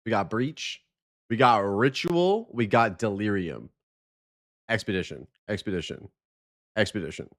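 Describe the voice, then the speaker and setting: A man's voice: on the high side, a bit bright. A man hosting a live stream, chatting casually, greeting viewers and joking.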